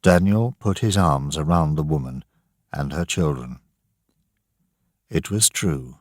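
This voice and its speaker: A man reading a graded storybook aloud in a measured, deliberate way. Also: a bass voice, no room sound, clean studio sound. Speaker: narrator. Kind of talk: slow, expressive storybook narration.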